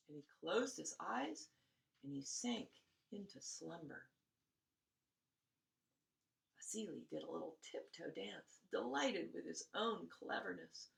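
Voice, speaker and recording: A woman reading a story aloud in a gentle, expressive bedtime style, sometimes dropping to hushed tones. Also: lowish voice, a little slow, vocal fry, reverberant, low-quality recording.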